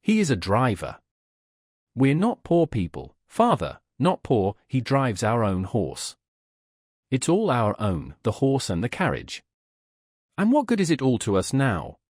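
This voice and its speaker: A man reading the part of a grieving middle-aged peasant woman who speaks in a slow, sing-song, pleading lament. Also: mid-range voice, huge pitch swings, a little mellow, no echo, studio quality.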